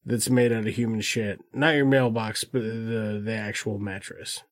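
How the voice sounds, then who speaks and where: A man co-hosting a comedy podcast, reading a crude mock ad in a deadpan way. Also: fairly low pitch, normal speed. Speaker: podcast co-host. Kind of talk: casual podcast banter, mock ad read.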